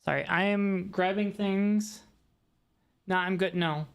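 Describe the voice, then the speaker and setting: A woman's voice: medium pitch, steady tone, slow pace, vocal fry, clean tone. A woman streamer chatting casually with her live audience, rambling and talking straight to her chat. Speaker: VTuber streamer.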